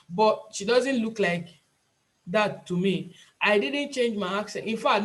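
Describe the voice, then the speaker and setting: A Nigerian woman tutoring a class over a video call, talking in an emphatic, pleading way and often repeating herself. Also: mid-range voice. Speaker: IELTS tutor and nurse. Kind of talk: online class lecture.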